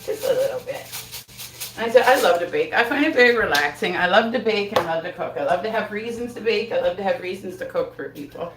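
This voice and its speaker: A woman's voice: mid-range voice, expressive, fast, few pauses, distant mic, noisy background. Chatty woman live-streaming from her kitchen. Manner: chatty, laughs often, swears casually. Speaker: livestream host. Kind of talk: casual live-stream chat while baking. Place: home kitchen. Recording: echoey kitchen, voice from off-mic.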